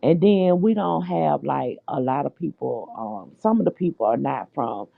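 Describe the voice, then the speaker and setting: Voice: medium pitch, lively intonation, normal speed, gravelly, dry recording. A podcast host from the United States chatting casually and dishing reality-show gossip, calling listeners "child" and "honey.". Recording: dry, tinny phone-like line.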